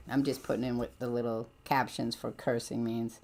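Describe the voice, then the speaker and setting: A woman's voice: rumbling low, little pitch movement, moderate pace, darkish tone. A woman hosting a livestream, chatting casually and rambling as she jumps between points with lots of ums. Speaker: livestream host. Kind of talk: casual chat about comics.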